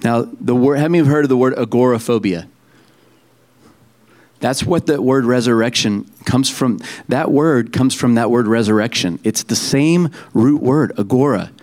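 A man's voice: medium pitch, normal speed, a little mellow. Man preaching a conversational sermon. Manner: conversational preaching with frequent restarts and asides. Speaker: pastor.

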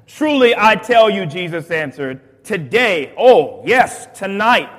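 A man's voice: high voice, big pitch swings, slow, fairly bright tone, in a large hall. A man preaching as pastor, reading scripture aloud and retelling it in casual slang with chuckles. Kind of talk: dialogue sermon.

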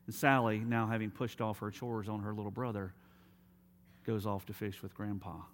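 A man preaching a sermon as pastor, telling stories and dropping to quiet, emphatic appeals. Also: fairly low pitch, flat delivery, normal speed, a little hiss or hum.

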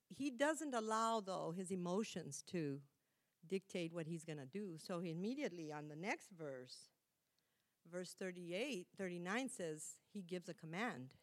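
A middle-aged woman gives a sermon in an easy, conversational way. She corrects herself mid-sentence and laughs at her own slips. Her voice sits at a medium pitch. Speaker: preacher.

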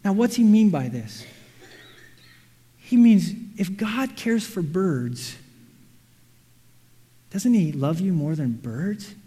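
A man preaching a sermon, animated, acting out quotes and everyday scenes. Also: high voice, slow, pauses often. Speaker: pastor. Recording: reverberant hall.

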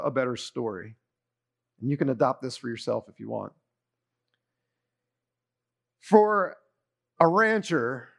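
A middle-aged man preaching a sermon in a conversational way, often putting questions to his listeners. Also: fairly high pitch. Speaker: pastor.

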